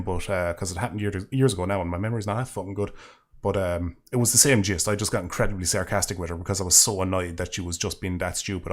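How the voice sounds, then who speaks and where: A man with a rambling, sweary, sarcastic manner, casually chatting while reading super chats on a live stream. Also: low-pitched.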